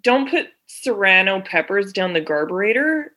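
A woman's voice: medium pitch, moderate pace. A woman, chatting casually and acting out a story with lots of swearing. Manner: animated, swears freely, acts out dialogue.

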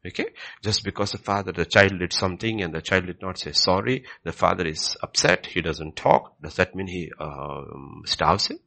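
A man preaching a sermon and reading scripture aloud, swinging from low murmurs to loud, high emphatic bursts and repeating key phrases to the congregation. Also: steady tone, normal speed, creaky.

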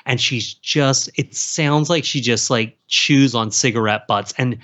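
A man from South Carolina, a guest author chatting in an interview, rambling and animated with lots of fillers and restarts. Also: medium pitch, a little slow. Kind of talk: casual interview chat. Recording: slightly dull lo-fi sound.

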